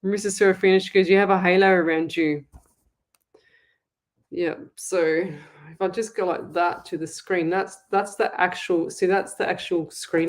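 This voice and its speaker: A woman from Australia hosting a live psychic show, reading viewer comments aloud and exclaiming excitedly, with frequent laughs and affectionate asides. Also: fairly low pitch, slight background noise.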